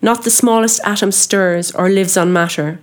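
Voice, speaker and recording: A woman's voice: mid-range voice, fairly even intonation, moderate pace, natural voice. A woman reading a brooding old sea captain. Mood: elated. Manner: solemn, grandly declaiming old-style speech. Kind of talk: audiobook character reading.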